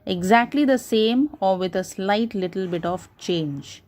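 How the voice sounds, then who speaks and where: Woman teacher, Indian English accent, slow and patient, repeats examples for kids. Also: mid-range voice, darkish tone. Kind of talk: classroom grammar lesson.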